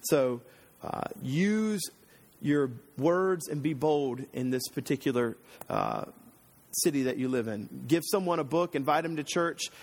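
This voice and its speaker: A man preaching a sermon in a relaxed, conversational way, often restarting his sentences. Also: fairly high pitch, a little slow. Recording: reverberant hall.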